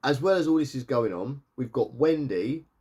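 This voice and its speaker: A man's voice: mid-range voice, animated, darkish tone, breathy edge. A man giving a casual, rambling recap of a TV episode, correcting himself as he goes. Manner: rambling, chatty retelling with quick self-corrections. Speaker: TV reviewer.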